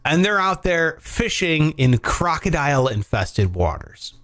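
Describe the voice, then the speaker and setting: On a casual comedy talk show, a morning host with a voice on the high side tells high-energy stories at a slow pace, swearing freely throughout.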